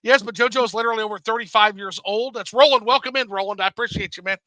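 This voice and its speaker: A man hosting a casual livestream, reading chat aloud, animated and swearing freely. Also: high-pitched, rapid-fire, no echo, rough recording.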